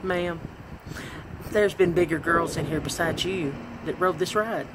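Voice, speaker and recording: A woman's voice: on the low side, measured pace, noisy background, lightly acted. A woman voicing a young male water park ride attendant, politely scolding and exasperated, in a voice raised above her own. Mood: stern.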